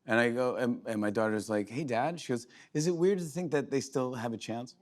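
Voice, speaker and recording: Excitable talk show host rambling a story. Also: male voice, mid-range voice, fairly quick. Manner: rambling, excited, many restarts and fillers. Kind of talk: monologue, storytelling chat. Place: TV studio with live audience.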